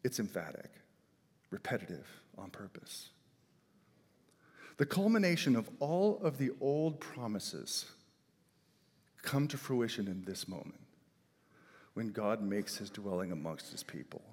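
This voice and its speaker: A middle-aged man preaching a sermon with emphatic delivery, swinging between loud declarations and quiet, soft asides. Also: fairly low pitch, big pitch swings, a little slow, long pauses, breathy edge. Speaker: pastor. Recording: long hall reverb.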